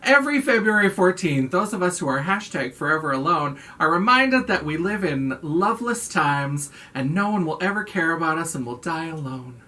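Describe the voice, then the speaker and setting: Playful, animated woman vlogger. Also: low voice, moderate pace, hardly any pauses. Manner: playful, sarcastic, theatrical asides. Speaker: horror vlogger. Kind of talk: casual video chat.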